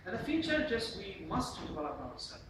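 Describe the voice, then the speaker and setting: A man with a Bangladeshi English accent lecturing a university class on presentation gestures, often checking in with "Clear?" and "Yes?". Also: high-pitched, brisk. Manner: animated, repeatedly asks "Clear?" and "Yes?". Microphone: camera at the back of the room. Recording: echoey classroom from far off, noisy.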